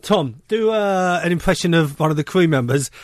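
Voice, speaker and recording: A man's voice: on the high side, animated, moderate pace, dry recording. A man co-hosting a breakfast radio show, rambling along and often asking if people know what he means. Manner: chatty, rambling, keeps asking "you know what I mean". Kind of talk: jokey breakfast radio banter. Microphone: studio microphone.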